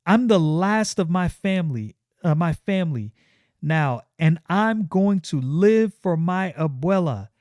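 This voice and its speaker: A man's voice: lively intonation, a little slow, a little mellow, no echo, studio quality. A man doing an enraged grieving young woman. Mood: furious. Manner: raised, high-pitched pleading and accusing. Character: grief-stricken young woman, furious and bitter.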